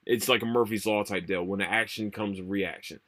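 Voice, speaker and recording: A young man hosting a solo podcast, rambling and swearing a lot, tired and low on energy. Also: fairly even intonation, brisk, fairly bright tone. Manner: profane, rambling, repeats himself. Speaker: podcast host. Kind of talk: casual solo podcast rant.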